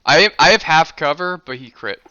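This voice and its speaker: A man playing a tabletop game, speaking in a hesitant, halting way. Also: a little high, expressive, bright, forceful tone, dry recording. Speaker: player. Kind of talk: casual tabletop game chat. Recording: dull lo-fi voice chat with noise.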